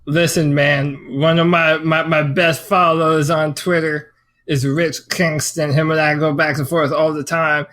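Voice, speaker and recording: Drawling higher-voiced co-host. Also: male voice, little pitch movement, measured pace, fairly bright tone. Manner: drawling, emphatic, slangy. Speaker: podcast co-host. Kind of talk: casual sports podcast banter.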